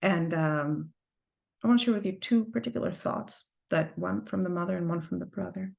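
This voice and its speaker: Creaky-voiced woman teaching over video call. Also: fairly low pitch, brisk, a little mellow. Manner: earnest, emotional storytelling. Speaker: Torah teacher leading an online class. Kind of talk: heartfelt personal talk to a class.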